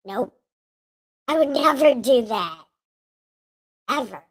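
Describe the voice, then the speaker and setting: Slow-talking high-voiced woman host. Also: animated. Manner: joking, laughs often. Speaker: livestream host. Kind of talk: casual chat.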